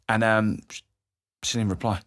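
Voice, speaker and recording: A young man speaks in a low register as he opens up about his past. He talks with emotion and swears freely, slipping into the voices of the people he quotes. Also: level tone, moderate pace, fairly bright tone. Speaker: guest. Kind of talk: candid personal storytelling.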